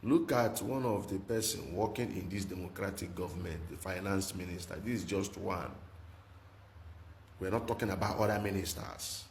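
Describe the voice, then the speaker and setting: A man delivers political commentary like a sermon, pressing the same rhetorical questions again and again. His voice sits very low. The recording is roomy and echoey, with a faint hiss of noise underneath. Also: moderate pace, creaky. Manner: repetitive, emphatic, rhetorical questions. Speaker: commentary channel host. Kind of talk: preaching-style political commentary.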